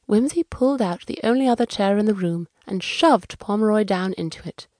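A woman narrating a children's audiobook in a clear, measured storytelling manner. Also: medium pitch, darkish tone, dry recording, studio quality.

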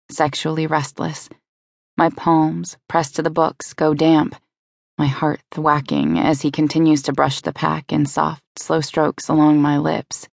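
A woman narrating a first-person romance audiobook in a measured, intimate reading style on a close studio mic. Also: low-pitched, level tone, creaky, no echo.

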